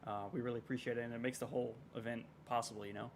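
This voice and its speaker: A man co-commentating a live esports stream in an easygoing way, giving shout-outs and sponsor reads. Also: mid-range voice, level tone, very fast, a little hiss or hum.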